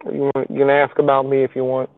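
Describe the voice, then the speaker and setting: Speaking quickly and completely flatly in a mid-range voice, a man runs a casual live stream from his parked car. His talk is loose and folksy, packed with fillers, and the phone recording sounds tinny and dry, with no echo.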